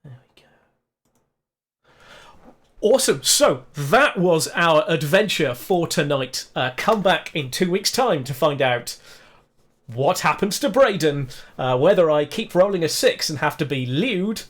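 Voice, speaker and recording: A man's voice: on the high side, expressive, measured pace. A man running a tabletop role-play game as game master, talking casually with many fillers and restarts.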